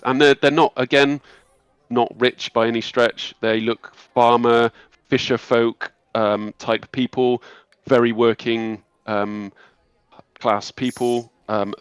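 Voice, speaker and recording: Slow, smooth game master. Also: male voice, medium pitch, no room sound. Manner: unhurried descriptive storytelling. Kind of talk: narrating a tabletop game. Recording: dull lo-fi recording.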